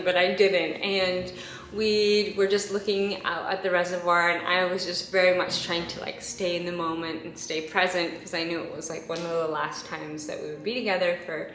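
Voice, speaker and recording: A woman's voice: on the low side, fairly bright tone. Chatty young woman in an echoey room. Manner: chatty and emotional, laughing often, lots of fillers. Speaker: vlogger. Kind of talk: casual storytelling to camera.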